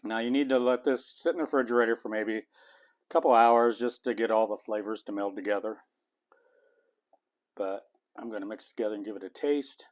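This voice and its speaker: A man's voice: fairly low pitch, steady tone, brisk, long pauses. Chatty man cooking at home. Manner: homey, chatty, talks while eating. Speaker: cooking channel host. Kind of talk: casual cooking demonstration.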